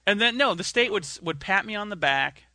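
A man with a high, very bright voice chats casually on a podcast. He tells animated stories and slips into mocking impressions. The sound is dry and close. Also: brisk, no room sound. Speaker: podcast co-host. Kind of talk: casual chat.

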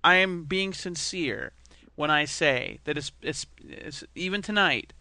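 Man, podcast co-host, casual comedic chat, jokey, bright voice, dry close mic. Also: a little high, no room sound. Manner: jokey, quick to laugh.

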